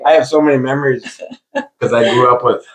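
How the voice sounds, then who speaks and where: An older man hosting a podcast, telling small-town stories in a loose, animated way with bursts of laughter. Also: medium pitch, fairly quick, noisy background. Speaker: podcast host. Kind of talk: casual storytelling.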